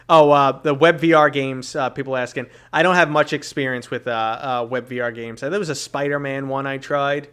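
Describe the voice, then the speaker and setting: A man's voice: medium pitch, a bit bright, clear, resonant tone. A man in his thirties with a New York accent, hosting a casual podcast, teasing his guest and reading chat comments aloud. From New York City. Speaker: podcast host and streamer.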